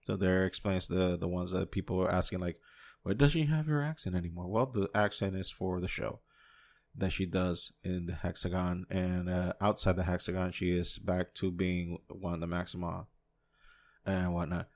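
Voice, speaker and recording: A man's voice: low-pitched, completely flat delivery, normal speed, gravelly. A man from New York hosting a casual solo podcast, reviewing a show in a rambling, profane way and often chuckling to himself. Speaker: podcast host.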